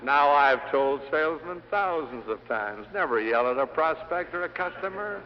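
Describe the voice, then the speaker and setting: A man's voice: fairly high pitch, lively intonation, moderate pace, a little hiss or hum. A middle-aged man giving an after-dinner sales speech to a hall audience, telling anecdotes with punchy, dry humor. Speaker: sales lecturer. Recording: dull 1960 LP of a hall speech.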